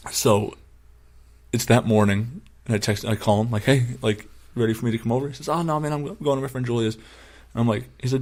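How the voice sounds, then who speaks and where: A man's voice: medium pitch, brisk. A young man in a middle register chats casually about sports on a podcast. He tells long stories and acts out the voices of his friends with bursts of energy and plenty of profanity. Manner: animated storyteller who acts out quoted friends loudly and profanely. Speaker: podcast co-host.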